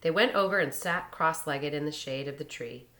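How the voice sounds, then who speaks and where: A woman reading a short story aloud in a measured storytelling manner. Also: low voice, fairly bright tone. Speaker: reader.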